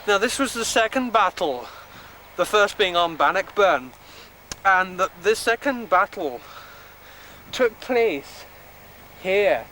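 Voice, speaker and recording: An Englishman doing a bumbling Scottish tour guide who rambles through history with mock earnestness, his voice pitched high. He stands out on an open moor, caught on a camcorder mic with steady outdoor noise behind him. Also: slow, exaggerated voice. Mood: mock-earnest. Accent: put-on Scottish. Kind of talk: comic mock history lecture. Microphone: handheld camcorder mic. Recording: noisy outdoor camcorder audio.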